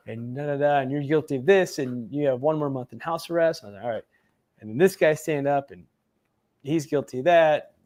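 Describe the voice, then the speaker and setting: Man, interview guest, casual storytelling, animated quoted voices, lots of "like" and "you know". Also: mid-range voice, fairly quick. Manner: animated retelling, acts out quoted voices, many fillers. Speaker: guest, former Navy SEAL.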